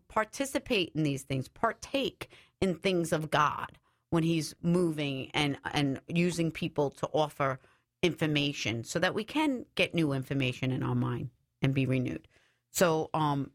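A woman's voice: low-pitched, normal speed, dry recording, studio quality. A woman talking in a casual, meandering way about faith and spiritual growth.

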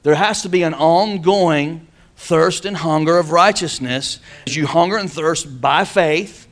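A man's voice: a little high, unhurried, a bit bright. A man preaching a sermon, calling on the congregation to answer back. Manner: preaching with call-and-response. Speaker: pastor.

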